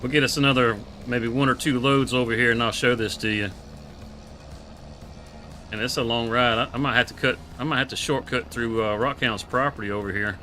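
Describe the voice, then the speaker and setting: A man's voice: mid-range voice, fairly even intonation, brisk, pushed and bright, faint music behind. A man, streaming a farming game and chatting casually with laughs and country phrasing. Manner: laid-back, laughing, drawling country talk. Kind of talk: casual live gameplay chat.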